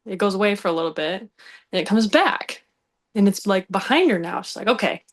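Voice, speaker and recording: Woman, mid pitch, podcast storytelling, lively, laughing, acts out dialogue. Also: a little fast. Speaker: podcast team member. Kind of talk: casual storytelling.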